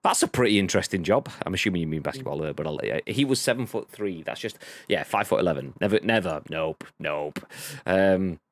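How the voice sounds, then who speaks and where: A man co-hosts a casual live-streamed podcast, rambling and swearing freely. His voice sits fairly low but swings around in pitch. The sound is dry and close. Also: animated, a little fast, no room sound. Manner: rambling, swears freely, reads chat aloud. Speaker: podcast co-host.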